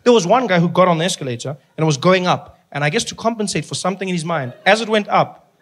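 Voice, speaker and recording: High-voiced male stand-up comedian. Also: fast talker, very noisy. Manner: animated, acting out scenes, laughing through lines. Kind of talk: stand-up storytelling.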